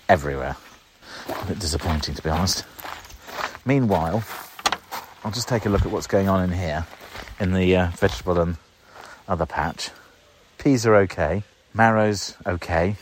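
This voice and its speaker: A man's voice: deep voice, slight background noise. A man hosting a gardening show, chatting wryly and casually while working outdoors in his garden. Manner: chatty, wry and self-deprecating. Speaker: gardening podcast host. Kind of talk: casual walk-and-talk gardening commentary.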